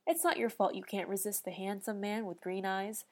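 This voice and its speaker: A woman voicing a brash, wisecracking young male monster hunter in a storybook reading, gruff and swaggering. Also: medium pitch, fairly even intonation, moderate pace, darkish tone, natural voice. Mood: teasing.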